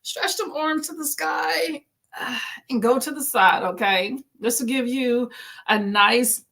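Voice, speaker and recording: Woman w a slightly high voice hosting a reading sprint stream, chatty, says y'all a lot, talks folks through stretches. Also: slow, bright, forceful tone. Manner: friendly, greets viewers by name, talks through stretches. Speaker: booktube host. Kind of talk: casual livestream chat.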